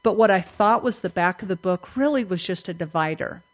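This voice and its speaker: Older woman telling a lively story. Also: lowish voice, a little fast. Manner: animated, acts out her own past thoughts, laughs often. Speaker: interview guest. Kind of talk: personal storytelling in conversation.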